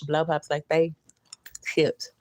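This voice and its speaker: A woman's voice: low-pitched, monotone, takes it slowly, noisy background. A woman hosting a casual livestream, chatting loosely with viewers in slangy talk, reading their comments aloud and chuckling often.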